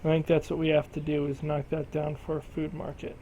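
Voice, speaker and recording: A man's voice: a little high, monotone, a little fast, warm tone, a little hiss or hum, low-quality recording. A man casually commentating a strategy game, thinking aloud and talking to the game's regions as if they were people. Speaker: gameplay commentator.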